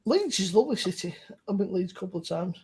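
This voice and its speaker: A woman with a husky, slightly breathy voice hosts a relaxed chat over a few beers. She rambles along loosely, swears often and breaks into laughter between thoughts. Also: medium pitch, rapid-fire. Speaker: host.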